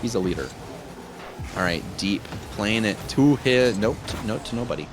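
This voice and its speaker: A man casting a live esports match as play-by-play commentator, jokey and excitable with loud bursts of enthusiasm. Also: lowish voice, moderate pace. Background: music.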